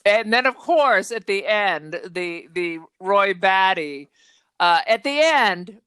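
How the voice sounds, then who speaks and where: A woman co-hosting a podcast, chatting casually and retelling a film's plot in an animated way. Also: mid-range voice, slow pace, smooth, no echo. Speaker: podcast co-host. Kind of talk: casual chat.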